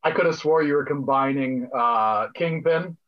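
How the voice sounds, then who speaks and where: A man's voice: mid-range voice, moderate pace. A man co-hosting a casual podcast chat, dry and bemused, on dull lo-fi audio. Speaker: podcast co-host.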